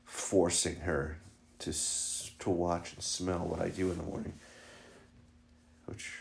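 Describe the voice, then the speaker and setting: A man's voice: low voice, flat delivery, takes it slowly, creaky. A man vlogging casually at home about his new puppy, joking and slipping into fond baby talk with her. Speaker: vlogger and dog owner.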